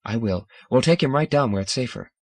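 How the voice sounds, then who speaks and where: A man voicing an emotional, excitable young female alien with a breathless, exclamatory manner. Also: mid-range voice, fairly quick, dry recording, clean studio sound, lightly acted.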